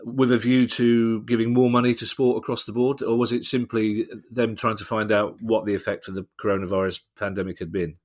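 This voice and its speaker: Low-voiced middle-aged man co-hosting. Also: flat delivery, brisk, few pauses, a little mellow. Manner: jokey, teasing. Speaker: podcast co-host. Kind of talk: casual podcast discussion.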